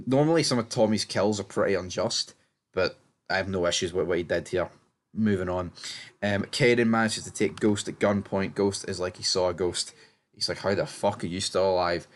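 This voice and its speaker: A man casually recapping TV episodes, blunt and rambling, swearing freely and restarting sentences. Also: sits low. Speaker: TV show reviewer.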